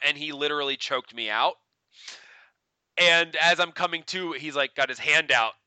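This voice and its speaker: A man's voice: a little high, moderate pace, sharp tone, clean tone, no room sound. A man co-hosting a casual podcast, rambling and laughing as he tells stories, with lots of fillers. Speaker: podcast co-host.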